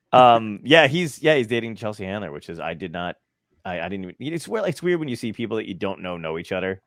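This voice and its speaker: A man's voice: fairly low pitch, sing-song, a little fast, a bit bright, dry recording, studio quality. A man hosting a podcast in casual chat, rambling, laughing easily and swearing often. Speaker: podcast host.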